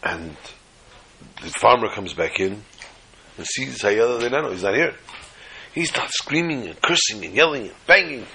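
A man telling a religious tale in a sermon, animated and dramatic, with a husky voice. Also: on the low side, normal speed, long pauses, slight background noise, low-quality recording. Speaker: religious storyteller. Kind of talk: storytelling sermon.

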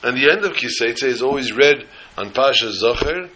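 A man delivering a sermon with lively, acted-out storytelling. His voice is bright and forceful, and his pacing stays relaxed as he explains the weekly portion. He speaks like a rabbi teaching his congregation. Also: mid-range voice, normal speed, a little hiss or hum, rough recording. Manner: animated storyteller who acts out scenes.

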